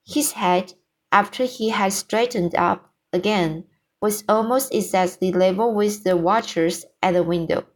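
A woman reading a children's novel aloud chapter by chapter, deliberately, with small stumbles. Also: mid-range voice. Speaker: storybook reader.

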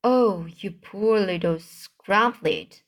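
A woman voicing a kindly, soft-hearted male giant who talks in odd broken grammar. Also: mid-range voice, takes it slowly, natural voice. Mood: sad.

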